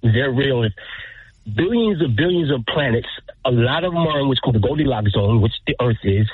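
A man in his fifties calling in to a radio show, telling a story in a halting voice as he tries to hold back tears. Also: medium pitch, slightly rough, dry recording. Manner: halting, pauses to steady himself. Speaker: caller. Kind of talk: emotional phone-in story. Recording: phone line.

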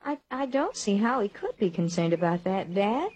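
A kindly stepmother in an old radio play, with a soft, earnest, mid-pitched voice. The delivery is tender and concerned, in a period radio style. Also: big pitch swings, moderate pace, breathy edge, poor audio. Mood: caring. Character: gentle caring young stepmother Mary Foster. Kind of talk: 1940s radio acting.

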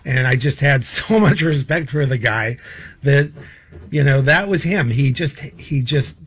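A man's voice: medium pitch, unhurried, a bit bright, breathy edge. Laughing, rambling male storyteller. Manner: rambling, laughing as he tells stories, many fillers. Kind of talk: casual anecdotal storytelling.

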